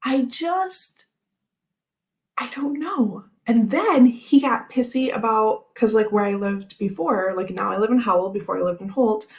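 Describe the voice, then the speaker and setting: A woman's voice: fairly high pitch, unhurried, a little mellow. A woman hosting a casual chat, telling a rambling story full of fillers and frequent laughs. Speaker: tarot channel host.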